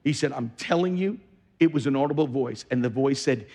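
In a large hall, a male pastor preaches with a warm, husky mid-range voice at a brisk pace. He tells a story, quotes what others said, and rises into fervent exhortation.

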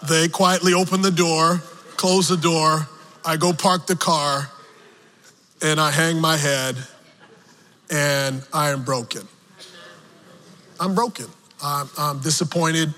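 Slow, bright-voiced preacher in a reverberant hall. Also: male voice, fairly high pitch, fairly even intonation. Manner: slow storytelling with emotional swings. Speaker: pastor. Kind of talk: sermon. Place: church sanctuary. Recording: long reverb of a large hall.

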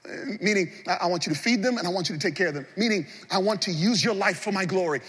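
A man preaching a sermon as pastor of a large church, swinging between loud passionate appeals and hushed moments. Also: high voice, fast talker, few pauses, breathy edge, long reverb tail, some chatter behind.

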